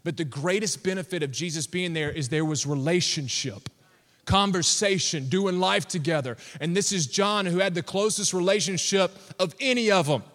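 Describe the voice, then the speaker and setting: Animated pastor in a reverberant hall. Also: male voice, high voice, normal speed. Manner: animated storytelling with laughs. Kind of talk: sermon. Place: church hall. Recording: long reverb of a church hall.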